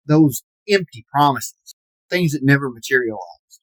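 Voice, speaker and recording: A man's voice: mid-range voice, no room sound, poor audio. Indignant man in his forties ranting. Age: 40s. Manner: indignant and self-pitying, with drawn-out dramatic emphasis. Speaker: aggrieved podcast fan. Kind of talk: mock-serious comedic rant.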